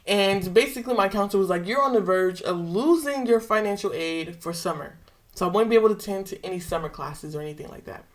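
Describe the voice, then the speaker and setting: A woman's voice: mid-range voice, fast. A young woman vlogger casually retelling a personal story with slang and emotion.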